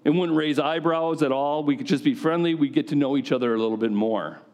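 A man's voice: fairly high pitch, brisk, darkish tone, dull audio. A man preaching a sermon to a gathering of men in a conversational style, often putting questions directly to his listeners.

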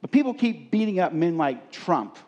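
A man's voice: a little high, big pitch swings, moderate pace, a little mellow, lo-fi sound. A man preaching a sermon from a stage, emphatic and repeating key words for stress. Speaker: pastor. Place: on a stage before a congregation.

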